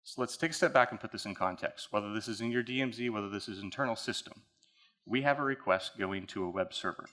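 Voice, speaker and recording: A man's voice: lowish voice, fast talker, sharp tone. A man speaking at a conference, walking the audience through a technical case study in a casual, conversational way. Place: conference hall.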